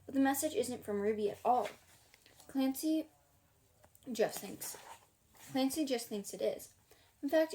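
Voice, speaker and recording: A woman reading a children's novel aloud for a homemade audiobook. Her voice sits a touch high, and her delivery is casual and chatty, with little asides. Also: warm tone. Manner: casual, breaks off to chuckle and comment. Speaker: audiobook reader.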